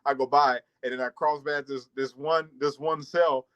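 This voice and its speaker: On a chat show, a male podcast co-host speaks at a normal pace in a mid-range voice, with the highs cut off in the recording. Swearing and laughing throughout, he spins a lively, casual tale about his past.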